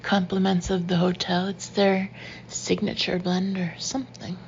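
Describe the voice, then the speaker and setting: A woman's voice: lowish voice, monotone, a little slow, highs cut off, slight background noise. A woman voicing a teasing young boyfriend. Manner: playful and teasing. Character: teasing young male lover, eager then defensive.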